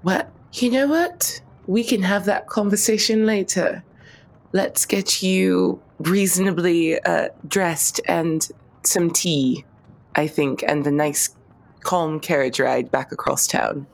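A woman's voice: fairly low pitch, slow pace, creaky, heavily acted. A woman voicing a sardonic, teasing doctor with a dry wit. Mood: brisk.

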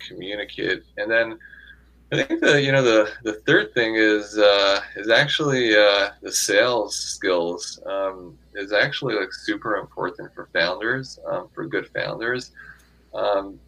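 Gravelly-voiced man, halting interview guest. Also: fairly low pitch, lively intonation, bright, forceful tone, rough recording. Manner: halting, many restarts and fillers. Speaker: guest investor. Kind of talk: casual interview talk.

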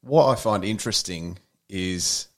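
Middle-aged man, low-pitched, casual storyteller on a podcast. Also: unhurried. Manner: animated anecdote-telling with acted quotes. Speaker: podcast co-host.

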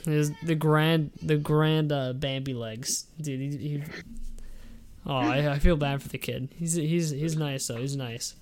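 A man's voice: a little high, fairly even intonation, a little slow, a little mellow. A teenage boy hosting a casual podcast, chiming in and echoing what his friend says. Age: teens. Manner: chiming in, echoing the other speaker's lines. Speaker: podcast host. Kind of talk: casual chat.

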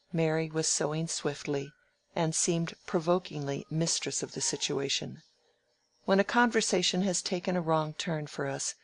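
An audiobook reader narrating a classic novel in a measured, quiet manner. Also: mid-range voice.

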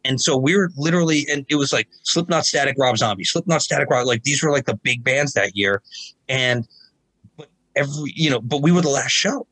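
A man in his forties telling stories casually as a podcast guest, animated and raising his voice to act out quotes. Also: medium pitch, a little fast, no room sound, low-quality recording. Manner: animated, acts out quotes in raised voice. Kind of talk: casual storytelling.

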